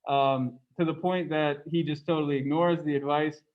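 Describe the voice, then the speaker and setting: A man lecturing a class in a loose, conversational manner, often turning to ask his students questions. His voice sits fairly high for a man. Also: fairly even intonation, normal speed, narrow, tinny audio. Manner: reads passages aloud from the book. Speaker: religious studies lecturer.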